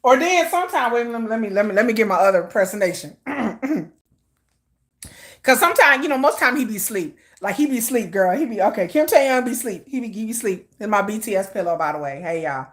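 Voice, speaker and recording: A woman's voice: fairly high pitch, fairly quick. A woman hosting a casual fan livestream, telling stories with lots of laughter and drama. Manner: animated, laughing, dramatic storytelling. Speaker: livestream host.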